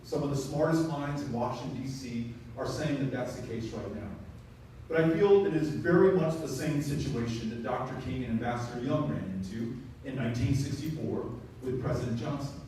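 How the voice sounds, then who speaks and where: A mid-range, mellow voice at a moderate pace belongs to a Texan political speaker at a town hall event. Recorded from afar in an echoey, roomy space with slight background noise, he delivers an impassioned speech that builds to emphatic, rising passages.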